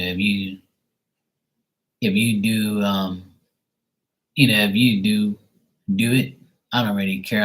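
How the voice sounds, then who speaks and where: A man's voice: low-pitched, fairly bright tone, husky, low-quality recording. A man hosting a livestream, telling a rambling story in blunt, profane casual chat. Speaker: livestream host.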